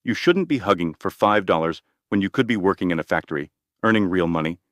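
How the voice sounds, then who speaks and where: A man's voice: deep voice, animated, fast, dry recording, studio quality. A man reading the lines of a blunt, boastful older male president, in a direct manner full of superlatives. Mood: insistent.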